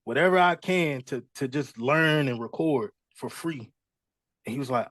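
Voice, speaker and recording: A young man, a music artist, tells his story in a relaxed, conversational way and slips into the voices of the people he quotes. His voice is mid-pitched and recorded dry and close, with no room sound around it. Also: normal speed, no room sound. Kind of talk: casual storytelling interview.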